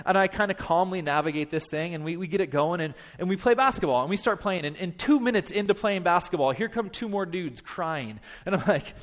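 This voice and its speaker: Brief: thirties male pastor, high-pitched voice, lively church storyteller. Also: a little fast. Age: 30s. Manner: animated, self-deprecating, frequent restarts. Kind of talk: storytelling sermon.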